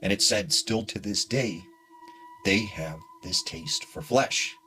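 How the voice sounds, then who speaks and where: A man narrating a spooky true story in a hushed, dramatic way with casual fillers. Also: fairly low pitch, lively intonation, takes it slowly, faint music behind.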